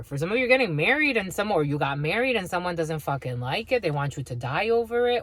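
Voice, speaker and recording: Blunt, low-voiced woman tarot reader. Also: no room sound. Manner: blunt and profane, addresses listeners as "my lovies"; laughs often between remarks. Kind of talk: spiritual tarot reading to viewers.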